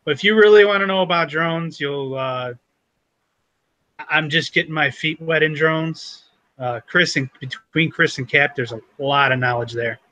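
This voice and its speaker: A man co-hosting a casual livestream chat, relaxed and chatty. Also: on the high side, moderate pace, no room sound. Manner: relaxed, chatty, laughs easily. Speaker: co-host of a livestream show. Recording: dull, dry lo-fi stream audio.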